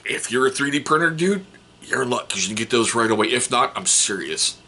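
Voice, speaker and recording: A man hosting a casual hobby vlog, rambling and excitable, and swearing casually. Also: medium pitch, fairly quick, husky. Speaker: hobby channel host.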